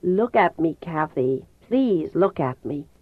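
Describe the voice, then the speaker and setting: A woman reading an audiobook voices an earnest, protective teenage boy in a lowered, hushed voice. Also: animated, slow, no echo, full character voice. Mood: pleading. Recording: tinny phone-like dry sound.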